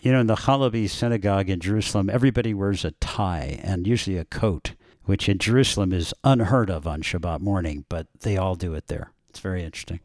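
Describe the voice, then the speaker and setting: A man hosting a radio talk show, chatting with a guest and reading short segments, emphatic and slowing down on key words. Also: deep voice, darkish tone, dry recording, studio quality.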